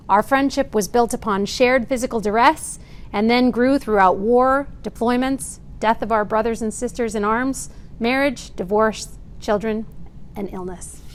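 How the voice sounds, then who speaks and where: A woman in her forties with a fairly high voice reads a prepared testimony. She speaks earnestly and steadily, and now and then she adds a dry, wry aside. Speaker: Marine veteran giving testimony. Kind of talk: prepared speech read aloud.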